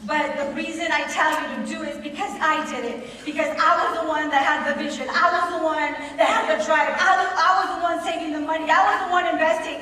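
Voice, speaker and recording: A woman's voice: sits high, steady tone, fast talker, few pauses, sharp tone. A woman giving an emphatic, conversational motivational speech to an audience in a large hall, repeating key phrases. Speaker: motivational speaker at a business conference. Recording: echoey hall, voice from far off.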